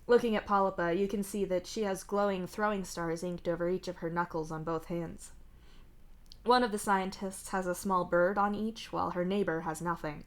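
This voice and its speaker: Young woman streamer, live story reading, lowish steady voice, desk mic. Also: normal speed. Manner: even, second-person narration. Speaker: streamer reading fan fiction aloud.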